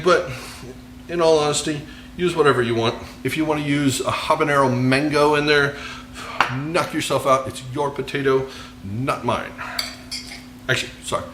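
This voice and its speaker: A man's voice: medium pitch, bright, forceful tone, roomy sound, a little hiss or hum. An American man hosting a cooking show, talking casually through a recipe with rambling, self-mocking jokes. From United States. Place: kitchen.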